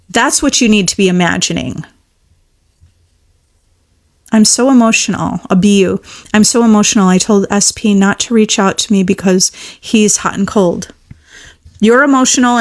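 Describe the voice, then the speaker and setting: Woman coaching live, casual and encouraging, repeats affirmations. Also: mid-range voice. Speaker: manifestation coach. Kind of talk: live-stream coaching, answering viewer comments.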